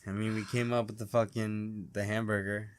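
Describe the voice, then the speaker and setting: A man's voice: lowish voice, little pitch movement, moderate pace, crowd noise. A young man co-hosting a podcast, joking around and telling a casual story. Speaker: podcast co-host.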